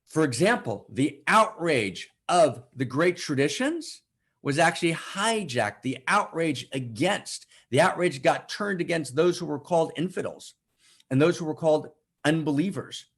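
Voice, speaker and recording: A man hosting an online spiritual broadcast, fervent and impassioned, swinging from loud declarations to hushed asides and keeping up a constant tag of "right?". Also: on the high side, expressive, unhurried, husky. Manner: keeps adding "right?" as a tag. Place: home setup for an online broadcast.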